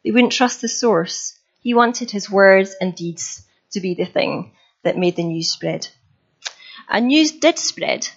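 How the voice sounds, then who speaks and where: A woman giving an informal, chatty sermon as a preacher, self-deprecating and quick to laugh. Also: mid-range voice, expressive. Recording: slightly dull recording.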